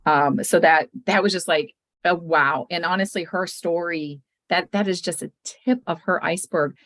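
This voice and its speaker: A woman hosting a casual chat, telling customer stories with lively retold quotes. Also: fairly low pitch, moderate pace, dry recording. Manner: animated storytelling, retells others' words.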